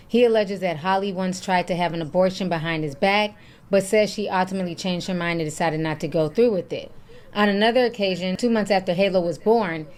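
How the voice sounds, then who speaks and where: A woman with a somewhat low-pitched voice hosts a reaction video, reading celebrity court news aloud. She reads out text messages and pauses between them to give her own remarks. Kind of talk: reading gossip news and commenting.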